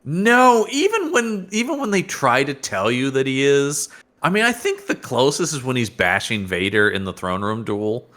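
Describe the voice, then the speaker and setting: Guy cohosting a comics podcast, jokey, bright voice that bounces around a lot. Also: medium pitch, normal speed. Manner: jokey, animated, restarts sentences. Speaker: podcast co-host. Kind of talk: casual comic book discussion.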